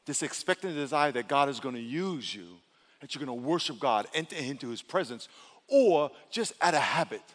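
A male pastor preaching an animated sermon in a church, calling on the congregation to answer back. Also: mid-range voice, moderate pace. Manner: animated, calls for congregation responses. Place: church sanctuary. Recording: long hall reverb.

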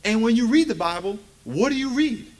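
High-voiced man preaching with humor. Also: fairly quick. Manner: lively, joking, asks the congregation rhetorical questions. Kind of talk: conversational sermon. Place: church.

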